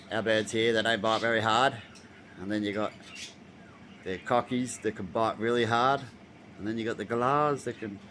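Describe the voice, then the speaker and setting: An Australian man telling casual stories to camera in a rambling way, acting out scenes with loud exclamations. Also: low-pitched, a little hiss or hum. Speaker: vlogger. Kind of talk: casual storytelling.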